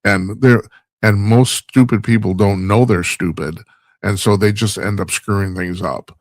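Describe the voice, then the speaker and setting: A man's voice: lowish voice, fairly even intonation, unhurried, dry recording. A man hosting a talk show, delivering a rambling, wry monologue and laughing at his own stumbles. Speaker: radio talk show host. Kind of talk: casual monologue commentary.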